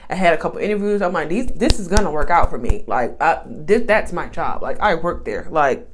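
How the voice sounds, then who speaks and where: A woman's voice: deep voice, lively intonation, brisk, noisy background. A woman chatting candidly and profanely to her viewers while styling a wig, recorded on a phone camera. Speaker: beauty vlogger. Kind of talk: casual chit-chat while styling a wig.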